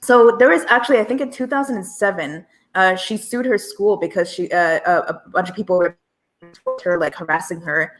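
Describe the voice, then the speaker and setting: A woman talking as a guest in a casual discussion, halting and hesitant. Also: lowish voice.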